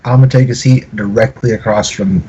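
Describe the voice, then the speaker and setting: A man speaking deadpan as a player in a casual tabletop game. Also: on the low side, moderate pace, husky, lo-fi sound.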